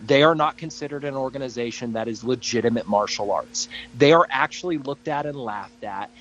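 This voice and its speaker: A man's voice: medium pitch, a little fast, fairly bright tone, slight background noise, rough recording. A man co-hosting a podcast, crude and blunt, stating strong opinions emphatically. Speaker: podcast co-host. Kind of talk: casual podcast chat.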